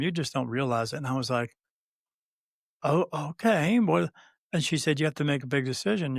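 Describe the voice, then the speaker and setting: A man's voice: medium pitch, dry recording, clean studio sound. A man in his fifties, a guest on an interview, telling a personal story with many fillers and restarts and acting out the quoted dialogue. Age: 50s. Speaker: guest, spirit medium.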